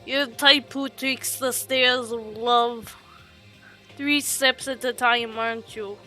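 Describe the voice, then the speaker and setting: A woman's voice: a little high, steady tone, takes it slowly, pushed and bright, faint music behind. A woman voicing a haughty, cold young rich man, reading game dialogue aloud in a condescending, clipped way.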